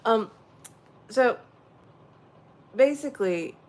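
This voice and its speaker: A woman hosting a casual spiritual livestream, rambling warmly and answering her viewers' chat directly. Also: a little high, expressive, drawn-out words, a little hiss or hum. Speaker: livestream host.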